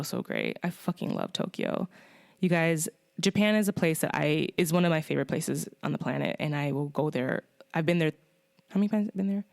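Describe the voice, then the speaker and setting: A woman's voice: sits low, dry recording. A woman hosting a podcast in casual chat, rambling and swearing, with lots of fillers. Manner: rambling, profane, with many fillers. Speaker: podcast host.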